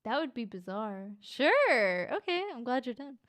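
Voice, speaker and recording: A Scottish woman chatting casually on a live stream as she reads chat, playful and quick to laugh, with the odd swear word. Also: on the high side, very animated, fairly bright tone. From Scotland. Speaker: VTuber streamer reading chat.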